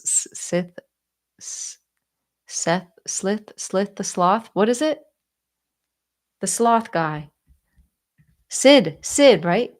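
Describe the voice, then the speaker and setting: A young American woman chatting casually to her viewers while answering their questions, animated and giggly, rambling from one thought to the next. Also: medium pitch. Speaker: YouTuber.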